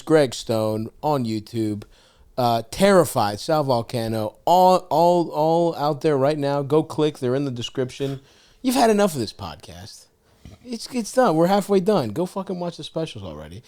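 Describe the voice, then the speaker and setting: A man hosting a podcast, reading an ad and chatting casually, profane and animated. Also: fairly high pitch, normal speed. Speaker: podcast host. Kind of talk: casual chat and ad read.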